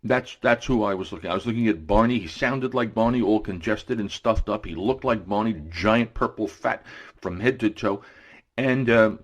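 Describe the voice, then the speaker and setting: A man's voice: lowish voice, moderate pace. A man in his forties telling casual anecdotes on radio, rambling with many fillers and restarts. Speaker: radio guest storyteller.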